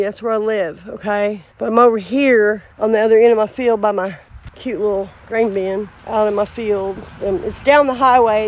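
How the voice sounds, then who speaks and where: A woman's voice: on the high side, fairly bright tone, no echo. A woman from Indiana, vlogging outdoors in a field, talking bluntly with lots of swearing and repetition. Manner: blunt, profane, fired-up and repetitive. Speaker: vlogger in recovery. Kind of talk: emotional straight-to-camera vlog.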